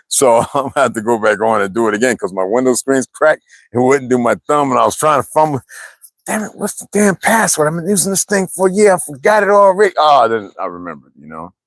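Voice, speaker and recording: A man's voice: fairly low pitch, dry recording. A man livestreaming casual, rambling chat, cursing often and laughing between stories.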